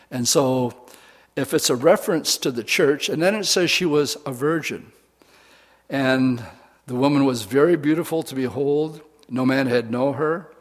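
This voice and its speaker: Man preaching a folksy Bible sermon. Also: medium pitch. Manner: retells scripture in plain folksy words, animated.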